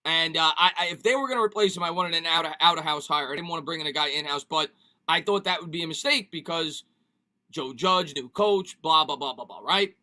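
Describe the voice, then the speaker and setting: Male sports streamer, high and bright, excitable and repetitive, casual live chat. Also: a little fast. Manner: animated, repeats himself, reads viewer comments.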